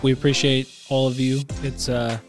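With music playing behind him, a podcast co-host speaks at normal speed in a mid-range voice. Casual and animated, he swears a lot while telling stories and voicing the people he quotes.

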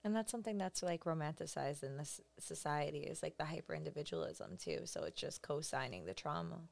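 Female interviewer, low and gravelly, brief lively remarks. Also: brisk. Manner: brief agreeing responses and comments. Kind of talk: casual chat.

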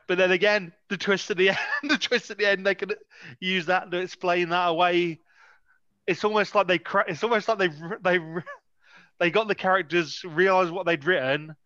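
A man co-hosting a podcast runs through a film with a bright, forceful, slightly high voice, sarcastic and energetic. The audio is dry and a little dull. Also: no room sound. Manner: sarcastic, energetic, quick to laugh. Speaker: podcast co-host. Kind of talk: casual film review chat.

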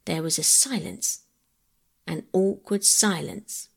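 A woman reading a classic children's novel aloud as a calm bedtime story, gentle and measured. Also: lowish voice, gravelly, breathy edge. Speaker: audiobook reader.

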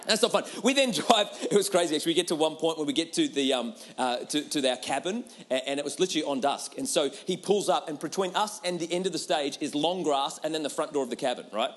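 A man's voice: on the high side, lively intonation, quick pace, few pauses. A man preaching a humorous sermon, telling a personal story with laughter and a repeated rhetorical question.

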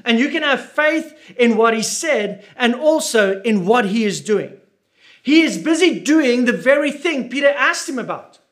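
A man's voice: very high voice, expressive, measured pace, a bit bright. A man preaching a sermon with emphatic delivery, repeating key phrases and asking the listeners questions.

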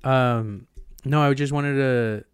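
A young man, a podcast co-host, telling a personal story in a profane, animated way. His voice is smooth and clear, held fairly level in pitch, and the sound is dry and close to the mic. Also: takes it slowly, no room sound. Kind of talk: casual storytelling chat.

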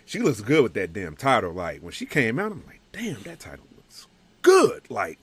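A man in casual chat about wrestling, excitable and emphatic, breaking into loud bursts. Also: lowish voice, normal speed, slightly rough.

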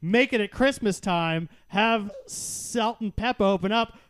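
A man's voice: high voice, measured pace, fairly bright tone, clean tone. A man co-hosting a comedy podcast, cracking puns and laughing at his own jokes. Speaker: podcast co-host.

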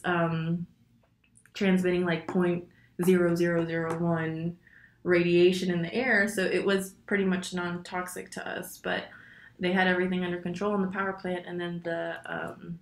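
A woman's voice: on the low side, gravelly. A young woman, a student, chatting casually and rambling with lots of ums and likes. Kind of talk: casual chat. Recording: echoey room.

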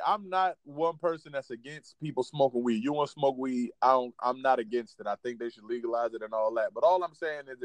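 A man's voice: fairly high pitch, dry recording. Blunt, profane man co-hosting a talk show. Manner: blunt, profane, keeps it real. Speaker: podcast co-host. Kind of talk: casual chat.

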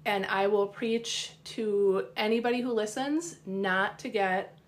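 A woman's voice: medium pitch, unhurried. Woman client talking about her dog, earnest and reflective, mid voice. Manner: earnest, reflective, frequent agreeing. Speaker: training client, guest. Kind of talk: casual chat.

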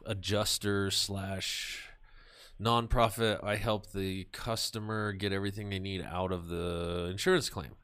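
A man chatting on a podcast, telling a profane, animated story and acting out the voices of the people in it. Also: low-pitched, unhurried, clear, resonant tone. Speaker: podcast talker. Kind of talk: casual podcast chat.

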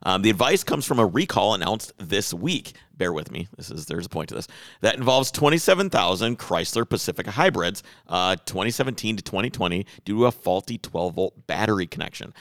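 A man co-hosting a casual news chat, cracking sarcastic jokes and riffing with animated asides. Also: on the low side, a little fast, no echo, studio quality. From northern North America. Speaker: co-host.

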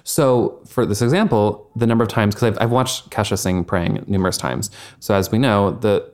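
A man's voice: lowish voice, moderate pace, a little mellow. A young man co-hosting a casual podcast chat, rambling with lots of fillers and the odd swear. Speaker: podcast co-host.

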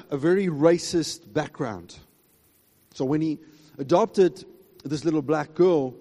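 A man preaching a sermon emphatically, swinging between loud high exclamations and quiet asides. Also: big-room sound. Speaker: pastor.

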